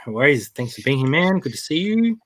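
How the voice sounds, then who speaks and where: An Australian man hosts a casual live online chat with friends. He talks in an easy, relaxed way and chuckles often between viewer comments. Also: fairly high pitch, a little fast. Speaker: host.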